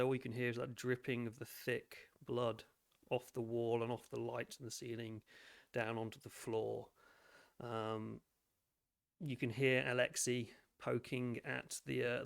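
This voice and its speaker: Give me a male game master with a gravelly voice, halting as he sets a grim scene. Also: mid-range voice. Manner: hesitant, many fillers and restarts. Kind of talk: narrating a tabletop horror game.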